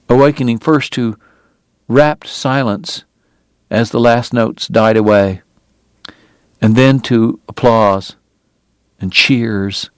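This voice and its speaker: A man's voice: on the low side, no echo. A man narrating an audiobook in a lyrical, dramatic way that swells in intensity.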